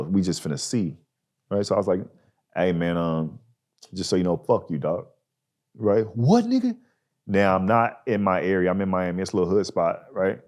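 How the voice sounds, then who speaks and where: A man hosting a podcast, telling a story in a casual, animated way and acting out the people in it. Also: low-pitched. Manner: animated, acts out people in his stories. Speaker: podcast host.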